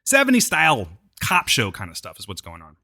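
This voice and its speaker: An American man co-hosts a podcast and runs through a TV episode recap at a quick clip. His voice is bright and his pitch swings widely as he jokes and needles his partner. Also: creaky. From United States. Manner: animated, joking, teasing his co-host. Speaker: podcast co-host.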